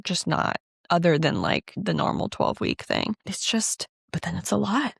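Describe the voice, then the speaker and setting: Woman cohost just chatting, bit of vocal fry, dry close mic. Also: fairly low pitch, very animated, moderate pace, dry recording. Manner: chatty, conversational, says "like" and "dude" often. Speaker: podcast co-host. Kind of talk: casual podcast chat.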